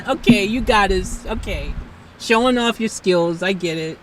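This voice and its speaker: A woman's voice: medium pitch, slow, far from the mic, loud music behind the voice, rough recording. An American woman hosting a livestream, chatting casually and animatedly with an AI assistant, pleading and laughing. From United States. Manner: animated, pleading, repeating herself, bursts of laughter. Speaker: livestream host. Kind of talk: casual live chat with an AI assistant.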